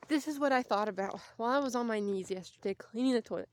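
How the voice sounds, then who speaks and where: A woman's voice: a little high, fast. A young woman vlogging casually while out walking, chatty and rambling, and out of breath. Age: young adult. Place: outdoors on a walk.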